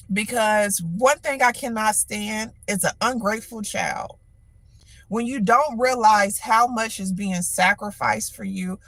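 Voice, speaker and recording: A middle-aged woman hosting a livestream, telling a story in an animated, exasperated way with lots of repetition. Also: a little high, dry recording. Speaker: livestream host. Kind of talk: casual venting monologue.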